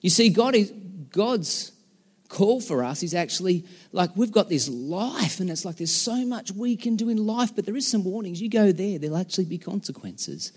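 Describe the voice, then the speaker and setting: A man preaching a conversational, emphatic sermon with dramatic pauses as a pastor. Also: high voice, animated, slightly rough. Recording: long hall reverb.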